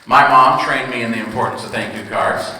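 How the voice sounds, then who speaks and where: A young man performing a stand-up comedy routine, telling animated stories and slipping into put-on voices. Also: medium pitch, brisk. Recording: echoey hall from far off.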